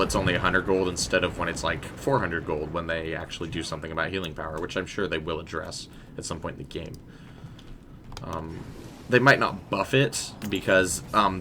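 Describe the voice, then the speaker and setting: A man with a low, deep voice gives loose, rambling commentary while he plays. He talks straight to his viewers and answers their messages. The audio has clear background noise and game sounds. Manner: chatty and rambling, talking to chat. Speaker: game streamer. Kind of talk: casual live gameplay commentary.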